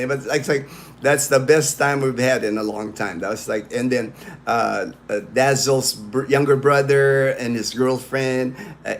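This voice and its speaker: A man's voice: medium pitch, slight background noise. A man hosting a casual livestream, rambling with many fillers and restarts as he greets viewers by name. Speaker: livestream host.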